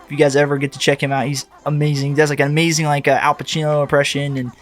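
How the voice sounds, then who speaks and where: A man's voice: on the high side, flat delivery, very fast. A man co-hosting a let's-play, chatty and full of fillers as he talks. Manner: chatty, filler-heavy, giggly. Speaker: gaming co-host. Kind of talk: casual let's-play banter.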